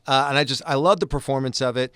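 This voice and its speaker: A man co-hosts a relaxed podcast conversation, talking in an animated, expressive way as he spins out his stories. His pitch lands in a plain middle range, and the sound is close and dry. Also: fast talker, clean tone, no room sound. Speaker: podcast co-host. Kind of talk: casual chat.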